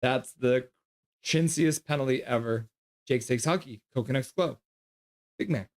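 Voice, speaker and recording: A man's voice: mid-range voice, unhurried. A man hosting a live hockey reaction stream, reading viewer comments aloud by name and calling bits of the play. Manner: reads viewer chat aloud by name, mixed with loose play-by-play.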